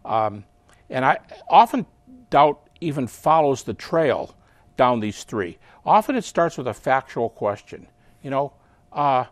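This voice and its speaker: A man talks as an interview guest in a voice of middle pitch, explaining with energy. He keeps stepping into little acted-out voices to make his points. The sound is dry and close, with no room around it. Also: measured pace, dry recording. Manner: animated, acts out quoted voices.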